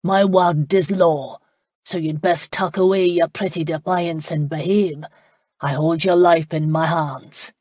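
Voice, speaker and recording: A woman narrator voicing a proud, commanding Scottish laird with a genteel, rolling accent and a measured, lordly manner. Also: lowish voice, steady tone, darkish tone, no echo, studio quality. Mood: smug menace.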